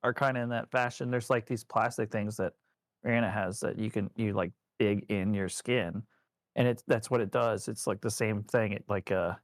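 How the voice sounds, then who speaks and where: A man's voice: fairly low pitch, fairly even intonation, normal speed, no echo, clean studio sound. A man co-hosting a movie podcast, easygoing and agreeable in casual chat. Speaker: podcast co-host.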